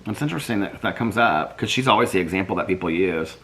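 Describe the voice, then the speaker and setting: Male vlogger, deep soothing voice with a lively pitch, chatty and rambling. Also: fast talker, a little hiss or hum. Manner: chatty, rambling, thinks aloud while searching online. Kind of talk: casual chat reading viewer comments.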